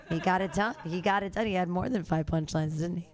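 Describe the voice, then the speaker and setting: A woman's voice: mid-range voice, normal speed. Woman emceeing an open mic, hyped and chatty between acts. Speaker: comedy show host. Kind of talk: introducing comedians.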